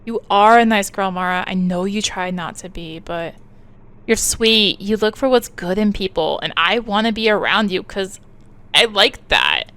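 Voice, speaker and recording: A woman's voice: medium pitch, lively intonation, moderate pace. A woman voicing a hesitant, placating teenage boy in a game. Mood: earnest. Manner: soft, hesitant, defensive.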